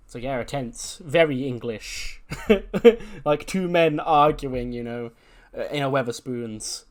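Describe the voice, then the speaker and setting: A man's voice: mid-range voice, takes it slowly, a little mellow. Casual man narrating a wrestling sim. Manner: casual, rambling, joking, with fillers like "you know". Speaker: let's play host. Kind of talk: casual game commentary.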